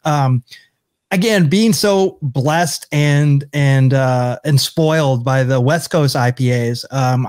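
A man's voice: on the high side, darkish tone, no echo. A man co-hosting a podcast, chatting casually and searching for words as he describes a beer. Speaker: podcast co-host. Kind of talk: casual chat.

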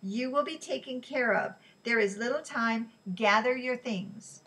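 A woman reading a steady, urgent refugee leader. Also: on the high side, moderate pace, close to an everyday voice. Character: calm, determined male refugee leader.

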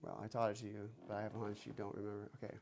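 A man's voice: fairly low pitch, monotone, very fast, gravelly, a little mellow. A man teaching a one-on-one drum lesson, playful and teasing, counting beats aloud. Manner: playful, teasing, mock-threatening. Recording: noisy room with drum clicks.

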